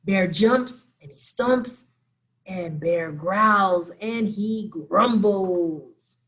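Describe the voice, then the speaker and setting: A woman, a children's librarian, reading a picture book aloud at storytime with expressive, animated storytelling. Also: medium pitch, very slow.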